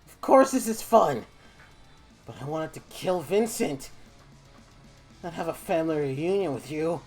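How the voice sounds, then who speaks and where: A man's voice: fairly high pitch, expressive, measured pace, darkish tone, soft background music, voice pushed up. A man putting on a bloodthirsty demon woman. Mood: taunting. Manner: gleeful, taunting. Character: bloodthirsty female demon brawler.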